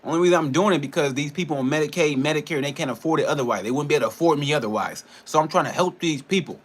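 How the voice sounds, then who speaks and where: A man's voice: a little high, racing. A man, a personal trainer and nutrition coach, ranting in a casual vlog, frustrated and profane, rambling between laughs.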